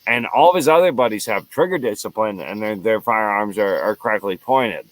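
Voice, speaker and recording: An American man hosts his own show with a fairly low, expressive voice and a brisk delivery. He launches into an angry solo rant that is profane, heated, and full of repeated lines.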